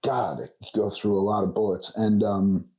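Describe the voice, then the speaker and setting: Dude in his 40s from california, mellow tone, rambly storytelling, swears a lot. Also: fairly low pitch, steady tone, normal speed. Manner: rambling storytelling with frequent restarts and profanity. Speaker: podcast guest, actor. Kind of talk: casual conversation.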